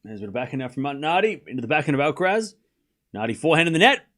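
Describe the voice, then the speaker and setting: Male streamer, higher-pitched, playful live match commentary with teasing chat banter. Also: sing-song, racing, fairly bright tone. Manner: playful, scolds chat, pleading.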